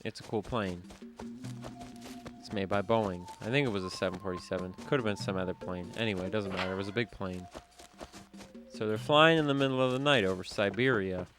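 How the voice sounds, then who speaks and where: Brief: low-voiced male host, offhand, rambling storyteller, game music underneath. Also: fairly quick. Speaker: gaming channel host. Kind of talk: rambling storytelling over gameplay. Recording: music playing behind.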